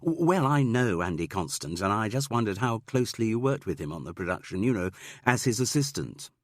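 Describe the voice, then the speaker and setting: A man voicing a shrewd middle-aged woman amateur sleuth who talks in a brisk, coaxing way with small stammers. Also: on the low side, very animated, dry recording, studio quality, pitched above the performer's own voice.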